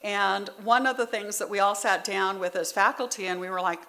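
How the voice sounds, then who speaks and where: A middle-aged woman gives personal testimony at a recovery meeting, telling her story candidly and conversationally. Her mid-range voice is steady, sharp, and fairly quick with some vocal fry, and she is heartfelt, near tears at times.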